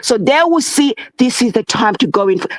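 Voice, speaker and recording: A woman's voice: a little high, expressive, a little fast, dry recording, low-quality recording. A woman in an impassioned discussion, talking fervently, asking rhetorical questions and lecturing her listeners. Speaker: guest.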